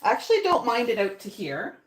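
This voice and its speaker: A woman's voice: a little high, wildly swooping pitch, fast talker, reverberant. A woman hosting a live paint-along. She chats with her viewers, thinks aloud and laughs often while she works. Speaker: painting host.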